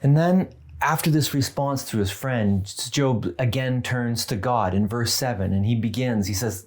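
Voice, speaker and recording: Male pastor, mid-pitched, earnest and conversational sermon delivery, light humor. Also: unhurried, darkish tone.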